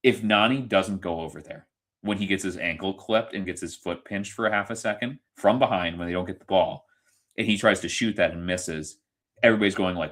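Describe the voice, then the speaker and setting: A man with a very deep voice co-hosts a casual football podcast. He rants with heat and swears freely, piling up his points. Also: a little fast, fairly bright tone. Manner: heated ranting, swears freely, acts out others in quoted bits. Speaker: podcast co-host. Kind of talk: casual sports chat.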